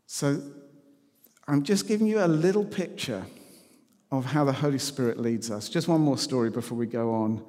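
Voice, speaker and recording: A man's voice: mid-range voice, normal speed, a little mellow. A man telling personal stories in a sermon, conversational and self-deprecating. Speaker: preacher. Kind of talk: sermon storytelling. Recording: long reverb in a hall.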